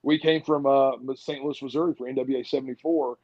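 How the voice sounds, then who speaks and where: Man, husky voice, laid-back storyteller, dull lo-fi sound, video call guest. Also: medium pitch, fairly even intonation, a little fast, a little mellow. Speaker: podcast guest, wrestler. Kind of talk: casual interview chat.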